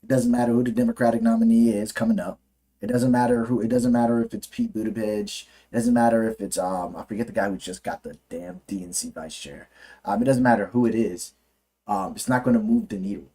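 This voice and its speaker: A man's voice: on the low side, steady tone, a little fast, dark tone, breathy edge. A man ranting through political commentary on a livestream, profane and heated, often restarting his sentences.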